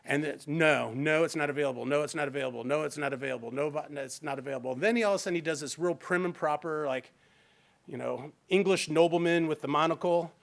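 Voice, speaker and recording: A man's voice: on the high side, fast, gravelly. Man presenting a fair housing workshop. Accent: Midwestern American. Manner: conversational, explains with quoted examples. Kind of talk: live training presentation. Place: library meeting room.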